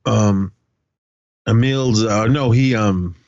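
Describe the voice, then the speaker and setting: A man's voice: on the low side, slow, a little mellow, no room sound, muffled recording. A man co-hosting a podcast, recapping a film's plot casually, rambling and correcting himself with lots of fillers. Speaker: podcast co-host.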